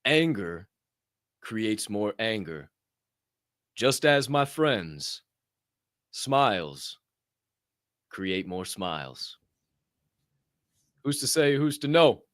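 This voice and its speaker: A man co-hosting a podcast, speaking in slow, deliberate, preachy phrases. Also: lowish voice, sing-song, a bit bright, no echo, studio quality. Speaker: podcast co-host. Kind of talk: casual chat.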